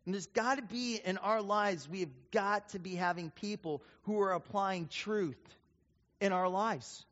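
A man's voice: sits high, a little slow. A man preaching a sermon as pastor, telling stories and acting out the voices of the people in them. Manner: storytelling, animated, acts out quoted voices. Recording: dull sound with long hall reverb.

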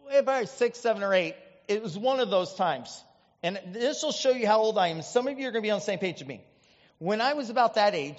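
High-voiced man preaching in a hall. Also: dull audio. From Indiana, US Midwest. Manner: chatty, animated storytelling with many asides. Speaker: pastor. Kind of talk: storytelling sermon.

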